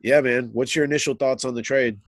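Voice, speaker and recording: A congested man co-hosting a sports podcast, thinking aloud in a halting, casual way. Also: mid-range voice, fairly even intonation, no room sound. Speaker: podcast co-host.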